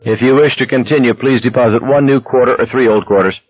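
A man voicing a brisk, formal female telephone operator. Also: mid-range voice, breathy edge, dry recording, highs cut off, voice pushed up, lightly acted.

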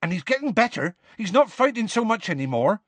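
A man playing a desperate soft-hearted giant. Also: sits high, very animated, brisk, no echo, voice pushed up. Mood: desperate, earnest. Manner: earnest, desperate, rustic grammar. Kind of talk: audiobook character voice.

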